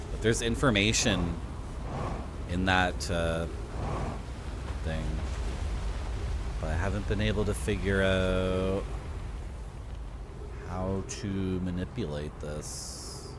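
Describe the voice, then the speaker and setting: Brief: male game streamer, low and unhurried but swinging widely in pitch, chatty, laughs a lot, game music underneath. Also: noisy background. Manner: chatty, laughs often, sudden excited outbursts. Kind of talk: live gameplay commentary.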